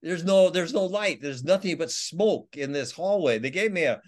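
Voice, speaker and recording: A man's voice: on the high side, animated, moderate pace, darkish tone. A man, an author being interviewed, telling his survival stories in a rambling way with many restarts. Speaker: author and guest. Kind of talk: storytelling interview.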